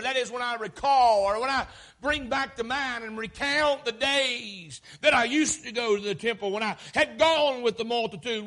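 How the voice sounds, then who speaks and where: In a very high, bright, sharp voice, a preacher gives an impassioned sermon. His delivery builds into shouts before dropping back down low.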